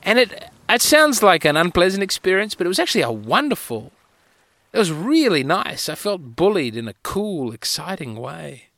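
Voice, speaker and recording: Bright-voiced man rambling wryly. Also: high-pitched, big pitch swings, normal speed, no echo. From Australia. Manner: rambling, wry, self-mocking storytelling. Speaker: podcast host. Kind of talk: solo comic monologue.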